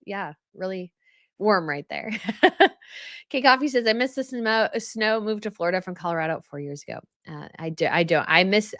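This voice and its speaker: Woman, livestream host, casual chatty rambling, mid pitch, dry close sound. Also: fairly bright tone, no room sound. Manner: chatty, rambling, laughs often. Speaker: royal news channel host. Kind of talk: casual livestream chat reading viewer comments.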